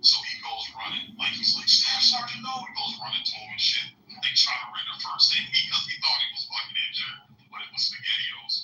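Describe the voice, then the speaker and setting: Deep-voiced man, lively swings in pitch, profane casual storyteller, mic a bit far off. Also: fairly quick, reverberant, background noise. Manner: profane, rambling war stories with fillers.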